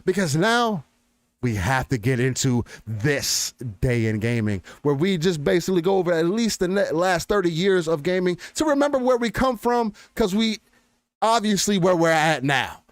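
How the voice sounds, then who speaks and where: Young man, gaming podcast co-host, lively swinging pitch, dry close sound, jokey. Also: moderate pace, no echo. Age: 20s. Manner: animated, joking, drifts into announcer voice. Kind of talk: casual gaming podcast chat.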